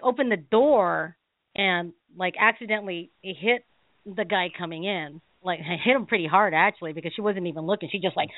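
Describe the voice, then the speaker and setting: A woman's voice: mid-range voice, dry recording. A woman in her thirties co-hosting a radio talk show, telling a story casually with lots of fillers and laughs. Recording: dry, phone-like thin sound.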